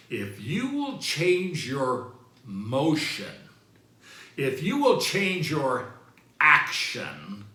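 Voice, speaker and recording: A man giving a motivational talk in a lively, swinging voice. He takes his time and leans hard on the repeated key phrases. A roomy echo surrounds him. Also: mid-range voice. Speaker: motivational speaker.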